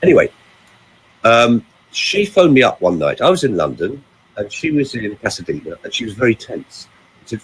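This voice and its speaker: A man who works as a vocal coach, telling a story in casual chat, with a lively, animated way of talking. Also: on the low side, fairly quick, husky, poor audio.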